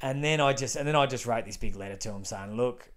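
An Australian man, a comedian, telling a long anecdote in casual chat, animated and full of restarts. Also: mid-range voice, fast talker. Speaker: comedian guest.

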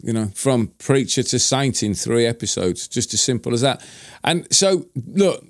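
A man's voice: mid-range voice, expressive, normal speed, no echo. A man hosting a podcast, talking in jokey, rambling banter into a studio mic. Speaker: podcast host. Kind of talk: casual banter. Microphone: headphones and studio mic.

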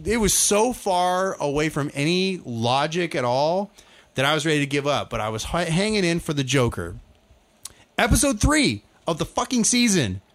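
A man's voice: on the high side, fairly bright tone. A man with a slightly raised voice is ranting casually with a co-host. His talk is loose and profane, and his exasperation builds as he goes. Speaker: podcast co-host. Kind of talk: casual chat.

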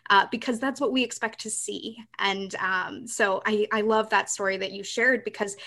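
A woman's voice: medium pitch, fairly even intonation, moderate pace, pushed and bright. Young woman, interview guest, earnest, thoughtful, casual talk. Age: young adult.

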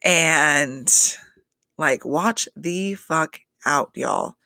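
A man recapping a reality show in loose, rambling chat, packed with fillers and swearing. His voice sits a little high and has a gravelly edge. The sound is dry and close, with no room around it. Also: extremely slow, pushed and bright, no echo. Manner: rambling, heavy "like" fillers, frequent swearing and laughter. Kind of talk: casual profane recap.

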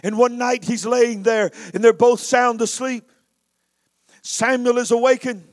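Male preacher, very high voice, dramatic storytelling sermon. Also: steady tone, unhurried. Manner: dramatic, emphatic delivery.

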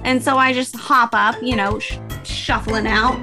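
A woman co-hosts a relaxed podcast, giggling and tossing off playful quips. Her voice sits high. Loud music plays behind her. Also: measured pace. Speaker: podcast co-host. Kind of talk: casual chat.

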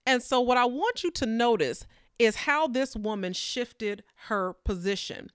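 A woman preaching a sermon in a conversational, animated way, acting out the people in the story with playful voices. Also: on the high side, unhurried, clear, resonant tone, dry recording, clean studio sound.

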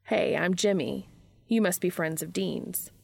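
A self-assured young man with an easy drawl, read by a woman. He sits low in the voice, with a gravelly texture, and the sound is dry and close. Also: animated, measured pace, no echo, full character voice. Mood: easygoing. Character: cocky, smirking young man, the twin brother.

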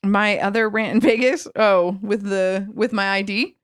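A woman hosting a casual chat show, telling stories lively and acting out phone conversations. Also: unhurried, clear, resonant tone, dry recording, studio quality. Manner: animated storytelling, acting out phone calls with bright high voices. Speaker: podcast host.

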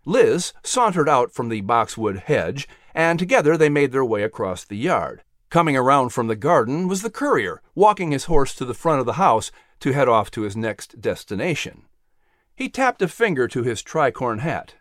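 An expressive audiobook narrator giving a children's story a lively, widely varying melody. The voice is dry and close, with no room echo. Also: mid-range voice, moderate pace. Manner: expressive, animated reading.

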